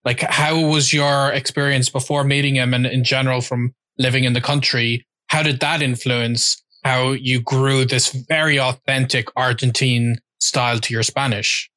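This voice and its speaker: A man's voice: medium pitch, level tone, sharp tone. A man hosting an interview, asking a guest a long question with many fillers. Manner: halting, filler-heavy questioning. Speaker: host.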